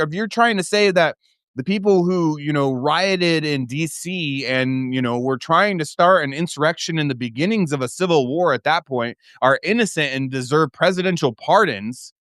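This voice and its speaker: A man's voice: a little high, a bit bright, no echo, clean studio sound. A man hosting his own live stream, ranting heatedly and profanely, with many restarts. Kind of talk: casual live-stream rant.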